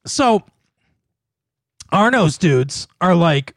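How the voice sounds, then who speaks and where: A man with a fairly high voice rambles through a film's plot in loose, profane chat. He stumbles over words, leans on fillers and laughs as he goes. The sound is dry and close, with no room around it. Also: normal speed, no room sound. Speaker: podcast co-host recapping a film. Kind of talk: casual chat.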